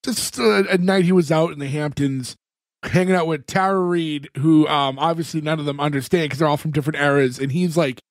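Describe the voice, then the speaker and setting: Man, podcast co-host, rambling recap, fillers, slightly high voice, dry. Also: a little fast, dry recording. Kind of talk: casual chat recapping a TV episode.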